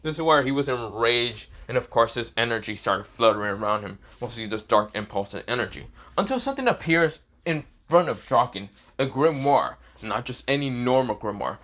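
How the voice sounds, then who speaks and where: A man's voice: medium pitch, expressive, normal speed, few pauses, fairly bright tone. A man improvising a fan story as narrator, rambling with many repeated filler phrases.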